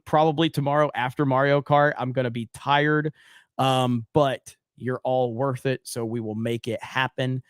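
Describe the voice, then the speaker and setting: A man's voice: mid-range voice, smooth, no echo, clean studio sound. A man hosting his own livestream in a chatty way, reading viewer comments aloud and laughing often. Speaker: livestream host. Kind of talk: casual livestream sign-off.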